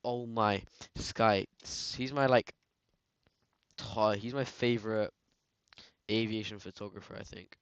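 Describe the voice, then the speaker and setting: A man's voice: lowish voice, steady tone, unhurried, clean tone, dry recording. A man with a British accent chatting casually while editing photos, rambling and slangy, full of filler words. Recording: dull, dry lo-fi sound.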